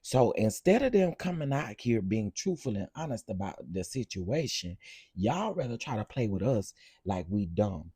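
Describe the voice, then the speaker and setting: A man hosting a live stream of reality TV gossip, talking in a sassy, expressive way straight to his viewers. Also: on the low side, moderate pace, breathy edge, no echo, studio quality.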